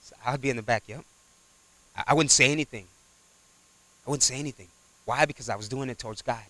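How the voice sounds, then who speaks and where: A man preaching a sermon, swinging from loud exhortation to quiet asides and acting out little dialogues. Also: medium pitch, fast, no room sound. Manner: acts out little dialogues in character voices.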